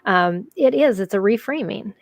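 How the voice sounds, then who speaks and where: A woman's voice: medium pitch, lively intonation, moderate pace, creaky, no room sound. Host, woman, dry close sound, thoughtful, affirming interviewer. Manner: thoughtful, affirming, asks follow-up questions. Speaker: podcast host. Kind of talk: conversational interview.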